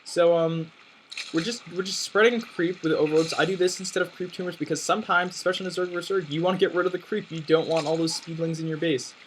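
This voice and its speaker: A man's voice: fairly high pitch, steady tone, quick pace, fairly bright tone, a little hiss or hum, rough recording. A young man casually commentating his own game replay, thinking aloud and restarting sentences often. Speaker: gameplay commentator.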